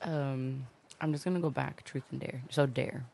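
A woman's voice: rumbling low, fairly even intonation, vocal fry, a little mellow. A woman on a podcast as a guest, chatting casually during a party game and laughing often. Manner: giggly, slow, laughs often.

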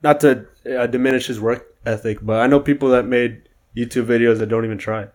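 A young man from the United States chatting casually, speaking in a monotone with many fillers and restarts. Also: mid-range voice, fairly quick. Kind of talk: casual chat.

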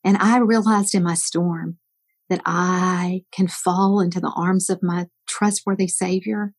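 An older woman giving an earnest Christian devotional talk, telling a story and often dropping her voice to a soft whisper at the end of a line. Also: medium pitch, husky. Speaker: guest speaker.

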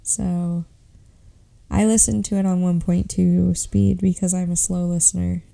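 A woman co-hosts a podcast in relaxed, self-deprecating chat. Her voice is dark and mellow with a gravelly rasp. She talks slowly and stretches out her words. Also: lowish voice. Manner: laid-back, self-deprecating, slow and drawn out. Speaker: podcast co-host. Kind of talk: casual chat.

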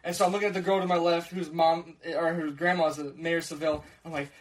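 A man's voice: on the high side, level tone, fast talker, low-quality recording. A young man from co-hosting a podcast, telling a story in casual chat, acting out the quotes and swearing freely.

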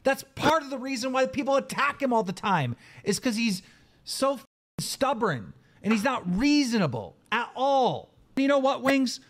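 A high-voiced man vents on a live podcast stream, his pitch swinging all over as he grows exasperated. He swears often and hammers every point with emphasis. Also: sing-song, moderate pace, a bit bright. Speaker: podcast host. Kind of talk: heated live-stream rant.

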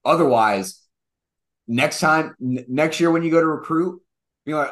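A young man co-hosting a casual sports podcast, mocking and animated, acting out quotes as he rants. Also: on the high side, measured pace, long pauses. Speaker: podcast co-host.

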